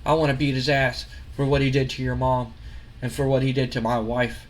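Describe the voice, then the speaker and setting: A man voicing a furious older male wrestling company boss who demands revenge and shouts threats. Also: medium pitch, level tone, brisk, close to an everyday voice. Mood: angry.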